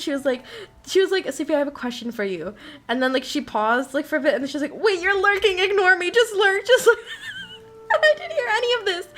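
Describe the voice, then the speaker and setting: A woman's voice: sits high, a bit bright. A young woman streamer in casual chat, rambling and giggling often as she talks.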